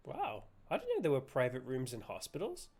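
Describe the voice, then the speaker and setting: A man's voice: medium pitch, wildly swooping pitch, brisk, a little mellow. Giggly man joking over a game. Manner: joking, giggly, silly asides. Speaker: game streamer. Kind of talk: live game commentary.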